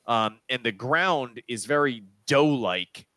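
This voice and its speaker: A man running a tabletop game over a video call, narrating in a halting way with many restarts. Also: medium pitch, lively intonation, sharp tone, no room sound. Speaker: game master. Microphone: video call mic.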